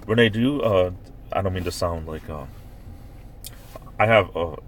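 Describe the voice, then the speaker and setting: A man with a Northeastern US accent, edging toward New York, chats loosely on a live stream and reads viewer comments aloud. His voice sits very low. He talks from inside a parked car. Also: moderate pace, slight background noise. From Northeastern United States. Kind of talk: casual live stream chat.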